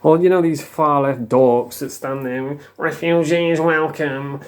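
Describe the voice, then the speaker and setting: A man's voice: mid-range voice, measured pace, a little mellow. A man with a South Yorkshire accent ranting angrily to camera, swearing heavily and rambling scornfully. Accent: South Yorkshire English. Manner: rambling with mocking put-on voices. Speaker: vlogger. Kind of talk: casual rant to camera.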